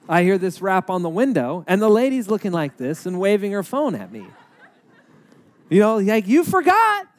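Guy telling his testimony, chatty and earnest, kinda high voice. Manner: earnest, animated retelling with acted-out quotes. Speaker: speaker giving a personal testimony. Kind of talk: conversational storytelling testimony.

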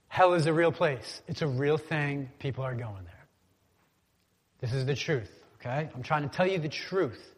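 A man's voice: fairly high pitch, animated, normal speed. A man preaching a conversational sermon in a church, calling on the congregation to repeat words after him. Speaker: pastor. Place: church sanctuary. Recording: long hall reverb.

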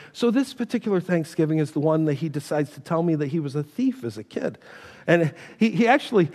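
A middle-aged man preaches from the pulpit in a church, his fairly high voice trailing off into long hall reverb. He talks in an easy, emphatic way, pausing to tell stories between points. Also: a little mellow. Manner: conversational, emphatic preaching with story asides. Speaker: pastor. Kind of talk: sermon.

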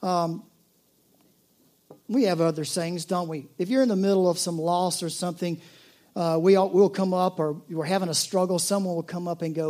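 A pastor delivers a sermon in a relaxed, talking-to-friends manner. The voice sits at a middling pitch and slips between playful asides and quieter, earnest points. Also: normal speed. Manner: conversational preaching, jokey asides, drops to soft earnest tone.

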